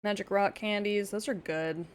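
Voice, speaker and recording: A woman's voice: medium pitch, steady tone, normal speed. A woman live streaming a video game, chatting casually with her viewers in a playful, teasing way. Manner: playful and teasing, talking to chat. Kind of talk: casual gaming stream chat.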